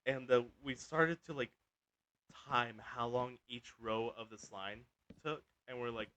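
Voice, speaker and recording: Guy, gaming host, casual storytelling, rambling, lots of "like", mid-pitched voice. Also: fairly even intonation, a little slow, pushed and bright. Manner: rambling, full of "like" and restarts.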